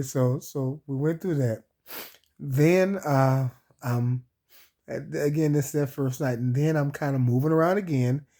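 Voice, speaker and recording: Laughing man telling a story, mellow voice. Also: medium pitch. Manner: laughs often while telling, addresses listeners as y'all. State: sore, laughing hurts, recovering from surgery. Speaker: vlog host. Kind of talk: casual personal storytelling.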